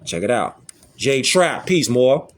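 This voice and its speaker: A man's voice: medium pitch, very animated, slow pace. A man hosting, giving emphatic commentary over images and clips, repeating himself to drive points home. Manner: insistent, repetitive, keeps asking "see that?".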